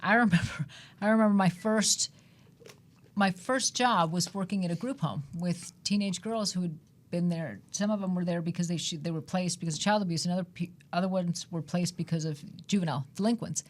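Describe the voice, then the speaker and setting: A woman's voice: lowish voice, fairly quick. A woman co-author on a talk show, telling personal stories with animation. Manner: animated anecdotal storytelling.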